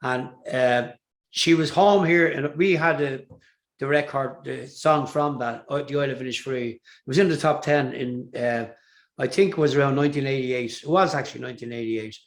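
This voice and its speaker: A man's voice: mid-range voice, moderate pace. An older man with an Irish accent, a singer telling rambling stories with fillers and restarts in an interview. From Ireland. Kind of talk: casual storytelling interview.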